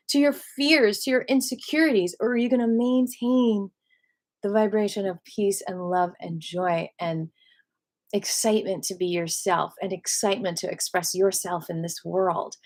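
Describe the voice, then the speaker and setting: Woman, qigong teacher, casual spoken lesson, animated, rhetorical questions, acts out other voices. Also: medium pitch.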